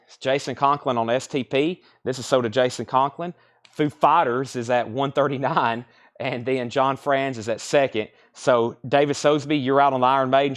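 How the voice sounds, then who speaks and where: Man calling out live record sale bids. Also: mid-range voice. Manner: repeats prices and reads out bids in a steady, chatty stream. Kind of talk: live-stream sales patter.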